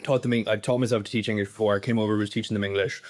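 A young Irish man talks fast on a podcast, his words tumbling out between constant fillers. His voice sits on the low side. He sounds like a casual guest chatting with a host. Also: flat delivery. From Ireland. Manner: rambling, heavy filler words. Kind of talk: casual conversation.

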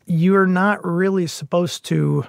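A middle-aged man talking in a casual podcast conversation, earnest and halting, with frequent restarts. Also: high voice, steady tone, creaky, dry recording, clean studio sound. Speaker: podcast guest.

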